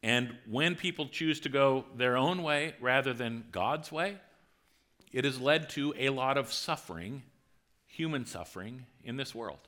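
A male pastor preaching a sermon in a conversational, animated way, acting out the quotes from scripture. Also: medium pitch, measured pace.

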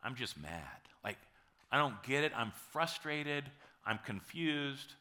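A man in his forties, a pastor preaching a sermon in a conversational storytelling way, with dramatic pauses. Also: medium pitch, big pitch swings, sharp tone.

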